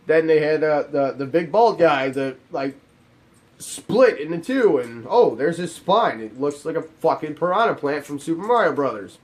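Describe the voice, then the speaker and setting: Male game reviewer, fairly high pitch, animated sarcastic rant. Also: moderate pace.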